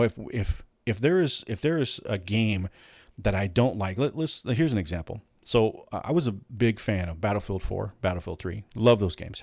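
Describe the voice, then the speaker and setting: A man's voice: fairly low pitch, a little mellow, dry recording, studio quality. A man hosting a casual commentary show, ranting bluntly and swearing, with many restarts. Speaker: host.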